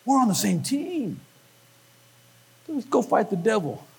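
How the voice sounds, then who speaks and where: Male pastor, husky, high lively delivery, call-and-response sermon. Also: a little slow, long pauses. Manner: animated preaching with call-and-response.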